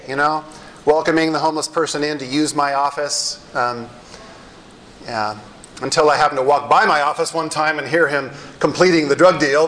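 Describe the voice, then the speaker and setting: A middle-aged male pastor tells neighborhood stories from the pulpit with wry, self-deprecating humor. His voice sits a little high for a man. Faint background noise hums under the recording. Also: fairly bright tone, low-quality recording. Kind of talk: sermon storytelling.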